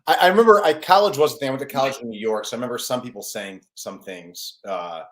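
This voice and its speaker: A man from Chicago, a guest in a casual interview who talks in quick, halting bursts with many fillers. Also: mid-range voice, a bit bright. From North Side of Chicago. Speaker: guest, actor and writer.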